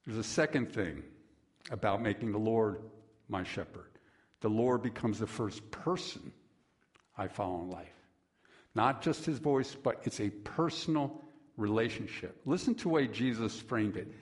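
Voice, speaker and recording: A man preaching a sermon, slow and measured, with dramatic pauses and lively storytelling. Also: fairly low pitch. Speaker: pastor.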